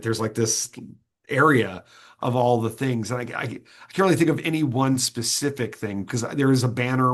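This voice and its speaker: A man being interviewed, an earnest performer who tells stories with many halting restarts. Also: medium pitch. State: choked up. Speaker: interview guest, sword swallower and performer. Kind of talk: reflective interview answers.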